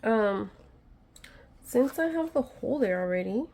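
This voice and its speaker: A woman works through a home craft repair on camera, talking casually and somewhat anxiously while making fun of her own approach. She has a fairly high, expressive voice with a dark tone and a measured pace.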